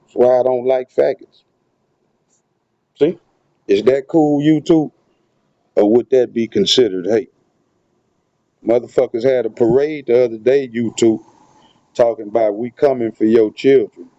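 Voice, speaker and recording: A man's voice: medium pitch, a little slow, long pauses, dark tone, no room sound. A man giving a profane, conspiratorial monologue to his viewers, recorded on a handheld phone in a public spot. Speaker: vlogger. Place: public spot, moved somewhere quieter. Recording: dull lo-fi phone audio with faint noise.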